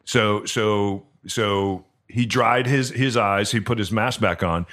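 A man co-hosting a podcast who tells a personal story in earnest, halting speech full of restarts. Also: on the low side, a bit bright. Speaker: podcast co-host. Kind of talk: storytelling in casual chat.

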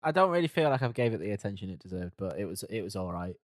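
A man co-hosting a music podcast, relaxed and a bit hesitant in casual chat. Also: on the low side, rapid-fire, no echo. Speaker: podcast co-host.

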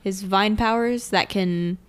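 A woman's voice: mid-range voice, takes it slowly, clear, resonant tone. A woman co-hosting a casual podcast, talking hesitantly, trailing off and giggling. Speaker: podcast co-host. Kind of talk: casual chat.

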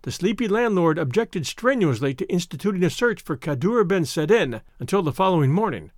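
A man narrating an adventure novel in a steady, expressive storytelling manner. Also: sits high, fairly quick, no room sound, clean studio sound. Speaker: audiobook narrator. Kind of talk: scripted narration.

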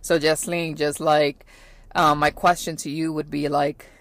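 A woman's voice: sits low, little pitch movement, moderate pace, no echo. A woman in her thirties hosting a podcast, talking about parenting in a casual, reflective way, earnest, with many fillers and repeats. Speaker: podcast host.

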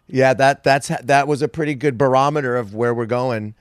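A man's voice: mid-range voice, normal speed, smooth, no echo, clean studio sound. Brash, profane man in his forties. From San Francisco, United States. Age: 40s. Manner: profane, self-mocking and brash. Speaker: podcast guest. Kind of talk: casual storytelling chat.

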